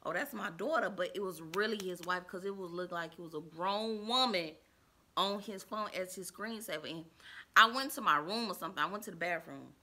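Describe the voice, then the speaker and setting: Dramatic, bright-voiced woman telling a story. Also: fairly low pitch, a little fast. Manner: animated, dramatic, swinging from loud to hushed. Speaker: vlogger. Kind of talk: storytime vlog.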